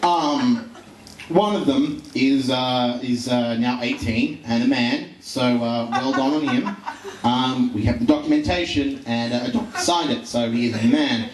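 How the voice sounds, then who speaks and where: Man in his 20s, stand-up set, sweary, rambling, roomy live-room sound, lively crowd. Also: medium pitch, a little slow. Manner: profane, rambling, with many ums and uhs. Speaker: stand-up comedian. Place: live comedy venue with audience. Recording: echoey room, distant mic, crowd.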